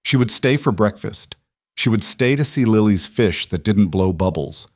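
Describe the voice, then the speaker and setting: A man reading a scripted story in a measured, gentle way. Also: on the low side, lively intonation, no room sound, clean studio sound. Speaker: narrator. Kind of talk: scripted narration.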